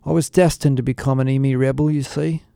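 A man's voice: mid-range voice, fairly even intonation, quick pace, creaky, mellow, smooth, dry recording, clean studio sound, close to an everyday voice. A man voicing a cool, cheerful half-alien rock star scientist with a British accent, in an audiobook. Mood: breezy. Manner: cheerful, languid, genteel. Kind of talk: audiobook character voice.

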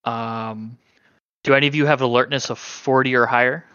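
A man narrating a tabletop game as game master, halting and full of fillers. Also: medium pitch, fairly even intonation, sharp tone, smooth, no room sound, highs cut off.

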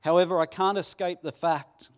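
A man preaching a Sunday sermon, earnest and pleading, with dramatic pauses. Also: high-pitched, steady tone. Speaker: pastor. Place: church hall.

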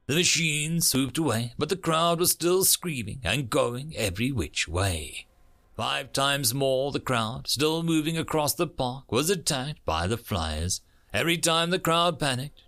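A man reading a science-fiction war story aloud with a dramatic, expressive delivery. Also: medium pitch.

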